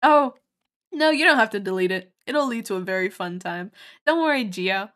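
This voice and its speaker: A woman's voice: medium pitch, expressive, moderate pace, a bit bright. A woman from Australia giving casual, giggly commentary while playing a game on stream and reading its lines aloud.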